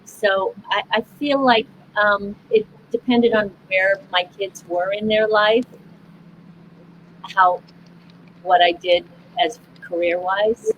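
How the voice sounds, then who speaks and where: Thoughtful middle-aged woman, soft fillers. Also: mid-range voice, takes it slowly, lo-fi sound, a little hiss or hum. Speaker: actor on a panel. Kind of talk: casual panel chat.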